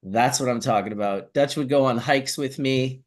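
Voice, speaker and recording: A man hosting a casual chat, telling animated stories and swearing casually. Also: mid-range voice, moderate pace. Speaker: host.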